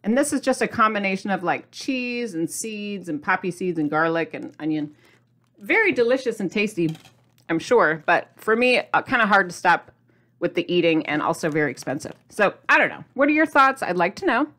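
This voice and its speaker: A middle-aged woman chatting to camera as a diet vlogger, animated, asking viewers questions and laughing often. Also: mid-range voice, moderate pace. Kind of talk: casual chat to camera.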